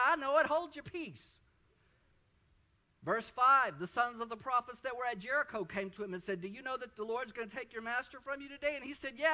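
A male preacher delivering a fervent sermon, often breaking into shouts of praise. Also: very high voice, highs cut off. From Texas.

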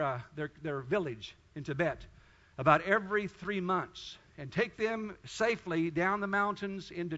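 A man's voice: sits high, bright, forceful tone, dull audio. A man pastor preaching a sermon, telling a story and then rising into fervent, pleading prayer.

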